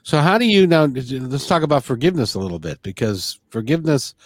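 A man's voice: mid-range voice, animated, brisk, no room sound. Man, talk host, earnest, stumbles and repeats words, dry sound. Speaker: podcast host. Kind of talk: casual spiritual conversation.

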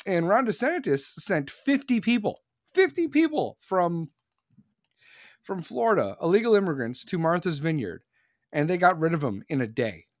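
Fired-up man, fairly high voice. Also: very animated, normal speed, no room sound, clean studio sound. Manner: fired-up rambling rant, many restarts. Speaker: podcast host. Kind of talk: casual podcast chat.

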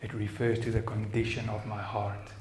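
A man's voice: lowish voice, flat delivery, moderate pace, darkish tone, slight background noise. A middle-aged man with a South African Afrikaans accent, preaching a sermon in an earnest, personal way, often restarting his sentences. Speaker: pastor. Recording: echoey room sound.

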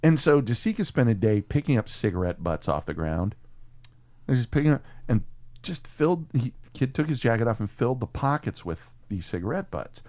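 A man in casual conversation about a film, talking in a loose, profane, story-driven way. His voice sits at an ordinary middle pitch, and he jumps back into sentences as ideas come to him. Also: brisk. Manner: profane, animated storyteller with restarts. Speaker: podcast co-host.

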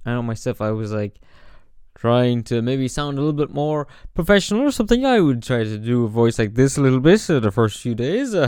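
A man's voice: mid-range voice, darkish tone, clear, resonant tone, no echo, studio quality. A man hosting his own podcast, talking through his thoughts in a rambling, reflective way full of fillers and restarts, into a podcast microphone. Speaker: podcast host. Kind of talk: casual reflective monologue.

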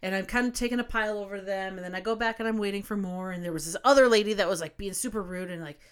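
A woman's voice: mid-range voice, rapid-fire, clean tone. A woman in her thirties, a podcast co-host chatting casually, telling a long story with plenty of swearing and acting out what she said.

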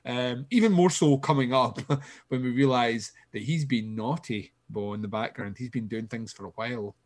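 A man's voice: medium pitch, moderate pace. A man co-hosting a casual show recap, sarcastic and swearing freely. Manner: sarcastic and profane. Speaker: podcast co-host.

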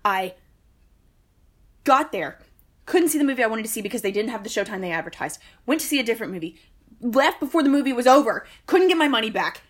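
A woman's voice: a little high, lively intonation, quick pace. Woman ranting thru a story on a podcast, dry and fed up. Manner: exasperated, wry storyteller. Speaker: podcast co-host. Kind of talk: casual storytelling chat.

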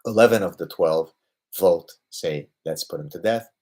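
A deep-voiced man in his fifties, speaking at a moderate pace, answers viewer questions as host of a livestream Q&A. He's emphatic, frequently closing points with "right?", and becomes animated when talking about his passions.

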